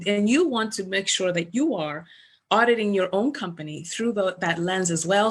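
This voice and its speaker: A woman's voice: on the low side, slightly rough. Middle-aged woman coaching on a webcam call. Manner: animated storyteller, acts out remembered dialogue. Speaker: business coach presenting at a virtual summit. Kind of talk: conversational webinar presentation.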